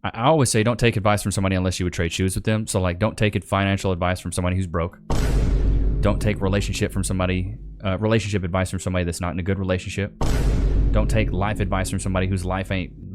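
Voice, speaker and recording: Male host, lower voice, relaxed slangy chat, soft music under him. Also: fast. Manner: laid-back, chatty, slangy, talks to his dog. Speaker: host reacting to clips. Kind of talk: casual commentary.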